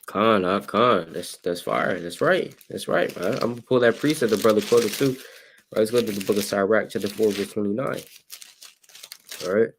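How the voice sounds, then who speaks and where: Low-voiced man teaching scripture, slangy. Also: normal speed, slight background noise. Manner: animated, acts out scenes with sudden loud shouts; casual street slang.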